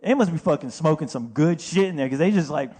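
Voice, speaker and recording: Male podcast co-host, high-pitched, profane banter and quick impressions. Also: lively intonation, a little mellow, breathy edge. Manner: profane, riffs and mimics strangers. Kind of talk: casual comedic chat. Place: live event venue.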